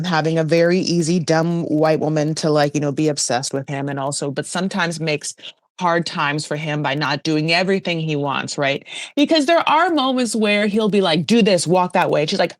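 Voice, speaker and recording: A woman's voice: fairly low pitch, no echo, studio quality. A woman hosting a podcast, recapping a reality show in a chatty, gossipy way with lots of "like". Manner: chatty, gossipy, heavy use of "like". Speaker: podcast host. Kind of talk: casual pop culture recap.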